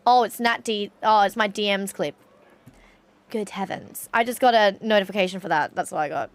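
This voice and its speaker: A woman, live-streaming a video game and chatting casually, animated, ranting and swearing freely. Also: mid-range voice, moderate pace. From Australia. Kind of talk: casual gaming stream chat.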